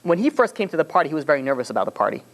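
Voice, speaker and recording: A man's voice: on the high side, big pitch swings, racing. A man, a rabbi, retelling a story in a casual, rambling way, full of "you know" fillers and restarts.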